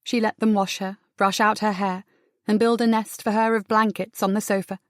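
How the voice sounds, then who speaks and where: A woman narrating a historical romance audiobook, in a measured, even reading with the dialogue softened. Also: medium pitch, no room sound, studio quality. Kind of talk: scripted narration.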